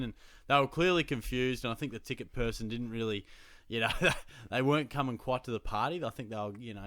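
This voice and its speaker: A man's voice: fairly low pitch, brisk, a bit bright, no room sound, studio quality. A young adult man with an Australian accent, chatting casually as a fantasy football show host and telling stories full of slang. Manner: chatty storytelling with slang and laughs. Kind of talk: casual chat.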